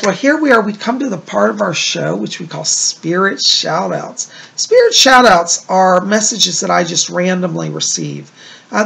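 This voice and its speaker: Guy doing psychic readings off viewer letters, bouncy up-and-down voice, kinda gravelly, chatty and reassuring. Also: high-pitched, a bit bright. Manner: chatty and reassuring, with frequent "like" and "you know". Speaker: psychic medium host.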